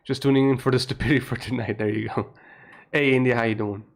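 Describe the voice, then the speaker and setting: A young man from Portugal with a Portuguese accent, keeping his voice low at night while chatting on a live stream, laughing often and swearing casually. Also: fairly even intonation, fast talker, creaky. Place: home room at night.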